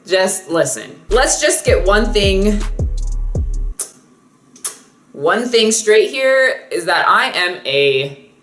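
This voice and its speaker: A woman's voice: medium pitch, takes it slowly, slight background noise. Sarcastic young woman telling a story. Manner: animated, sarcastic, profane storytelling. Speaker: vlogger. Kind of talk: story-time vlog. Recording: echoey room with music. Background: music.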